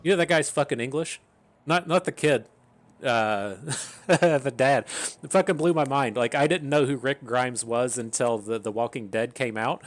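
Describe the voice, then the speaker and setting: A man's voice: medium pitch, a little slow. A man giving casual commentary while playing a video game, rambling, repeating words and swearing now and then. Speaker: gaming streamer.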